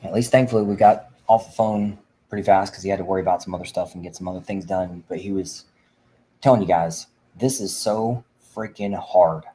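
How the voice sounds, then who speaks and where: Fervent man with a low, mellow voice. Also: a little fast, slight background noise, low-quality recording. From Indiana. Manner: fervent preaching, rambling with restarts. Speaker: veteran advocate host. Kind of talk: livestream talk.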